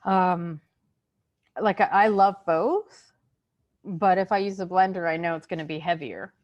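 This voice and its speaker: A woman's voice: fairly low pitch, a little slow, lo-fi sound. A woman co-hosting a casual chat about diet, chiming in often and speaking with enthusiasm. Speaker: co-host.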